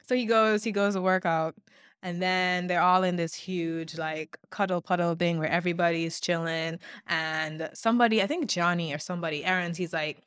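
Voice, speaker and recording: Animated woman co-hosting a recap podcast. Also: mid-range voice, moderate pace, clear, resonant tone, dry recording, studio quality. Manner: animated, profane storytelling with acted-out quotes. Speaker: podcast co-host. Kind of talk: casual recap chat.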